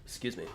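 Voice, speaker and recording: A young man streaming a video game in a relaxed, rambling way, with a groggy morning voice, often clearing his throat. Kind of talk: casual live-stream chat.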